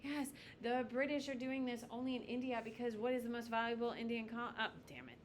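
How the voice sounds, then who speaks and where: A woman teaching a high school history class, lecturing bluntly and with jokes while calling on students by name. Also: brisk, a little hiss or hum.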